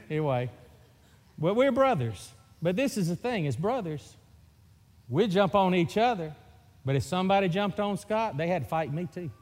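Mississippi preacher in a reverberant hall. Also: male voice, high-pitched. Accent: Mississippi Southern. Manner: folksy, joking storyteller. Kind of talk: sermon. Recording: long reverb of a church hall.

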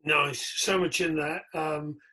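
A man's voice: fairly high pitch, fairly even intonation, slow pace, bright, forceful tone. A man hosting a podcast, chatty and friendly in tone, often stumbling and restarting his sentences. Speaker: podcast host. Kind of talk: casual podcast interview. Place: spare bedroom at home.

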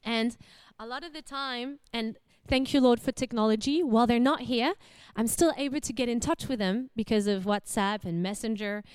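An Australian woman in her young adult years gives a church sermon in a high, clear voice. She speaks warmly and conversationally, asking the congregation questions. The sound is close and dry. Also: moderate pace, hardly any pauses, dry recording. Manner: warm, animated, laughs often, asks the audience questions. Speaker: preacher.

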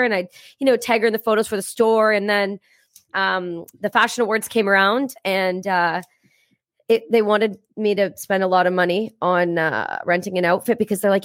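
A woman in her thirties, a podcast guest, talking in a blunt, profane and energetic way in a casual interview. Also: mid-range voice, fairly quick, dry recording, clean studio sound.

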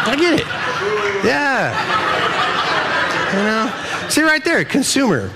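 Male pastor, 30s, preaching at church. Lively, high-pitched, playful delivery with quick asides. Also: heavy background noise. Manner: animated, jokey, acts out little voices. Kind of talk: sermon. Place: church service with a live audience.

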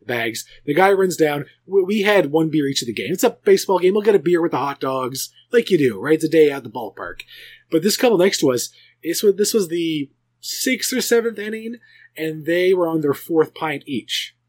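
Guy rambling on his podcast, kinda high voice, lots of restarts. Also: normal speed. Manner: rambling storyteller, animated, many restarts. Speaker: podcast host. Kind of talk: casual chat.

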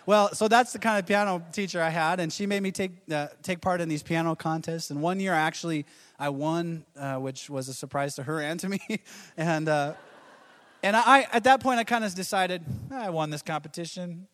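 A man's voice: fairly high pitch, moderate pace, a bit bright, in a large hall. A man in his thirties preaching a sermon to a church, telling stories with quoted voices and chuckles. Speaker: pastor.

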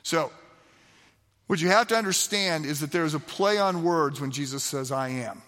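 A man's voice: a little high, moderate pace. A man teaching a sermon on a Bible passage, acting out the dialogue of the scene. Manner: animated, acts out the dialogue of the scene. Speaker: preacher. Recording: long reverb of a hall.

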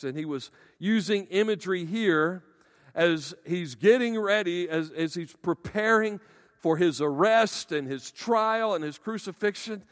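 Man, pastor, sermon, high voice, emphatic, long church reverb. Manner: emphatic preaching, slows on key words.

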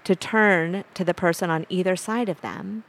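A woman's voice: lowish voice, normal speed. A woman co-hosting a casual church podcast, telling a story with a smile in her voice. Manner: warm storytelling, smiling tone. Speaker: podcast co-host, diocesan director of formation.

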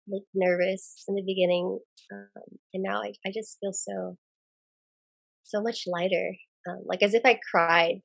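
A woman who is a guest on a podcast, soft-spoken and giggly, pausing often with ums as she talks. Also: medium pitch, gravelly, husky, no echo, rough recording. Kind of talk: casual podcast interview.

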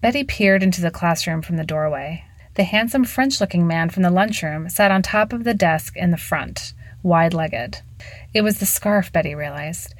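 A woman narrating a story in an even, measured reading. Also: on the low side, no room sound.

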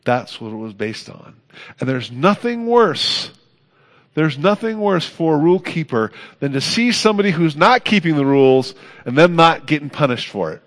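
A man preaching a sermon as pastor, earnest, building to emphatic peaks and then dropping soft. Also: fairly high pitch, big pitch swings, normal speed.

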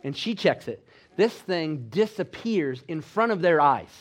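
Exhorting male preacher, fairly high voice. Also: sing-song, unhurried. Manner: exhorting, with call-and-response asides; swings between loud emphasis and quiet, low delivery. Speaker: pastor. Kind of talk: sermon.

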